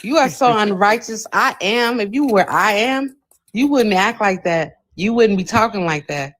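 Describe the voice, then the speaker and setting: Woman preaching and scolding on a live stream, mid pitch. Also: lively intonation, normal speed, fairly bright tone.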